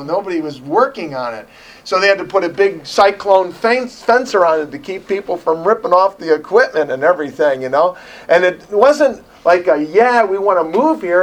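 A pastor with a fairly high-pitched voice delivers a conversational sermon, telling personal stories in an animated way and acting out what people said with laughter. The audio quality is poor.

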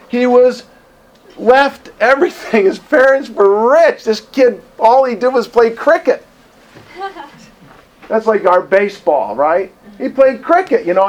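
A man preaching a sermon with a fairly high voice. He talks with passion and emphasis, pushing some lines out loudly and letting others drop low and quiet. The sound is of a church service. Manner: impassioned, emphatic, swings from loud to quiet.

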